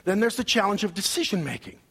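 A man's voice: high voice, sing-song, fast talker, a bit bright, slightly rough, big-room sound. A male pastor preaching a sermon, emphatic and preacherly, leading his congregation in call-and-response.

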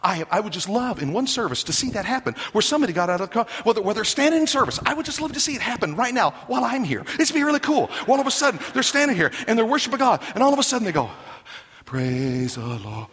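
A man preaching a sermon in an emphatic, animated way, with joking asides to the congregation. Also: very high voice, very fast, few pauses, husky, in a large hall. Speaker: pastor.

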